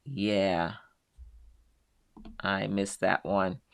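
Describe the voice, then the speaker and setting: Middle-aged lady hosting a quilting livestream, slow easy chat reading the comments, close dry mic. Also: a bass voice, flat delivery, vocal fry, clear, resonant tone, dry recording. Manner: chatty, reads out viewer names and answers warmly. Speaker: host of a live quilting show. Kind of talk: casual live-stream chat reading viewer comments.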